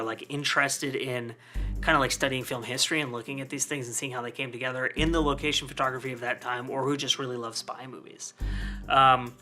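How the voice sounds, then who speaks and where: A man's voice: medium pitch, bright, forceful tone. A man giving a casual film review, rambling with many fillers.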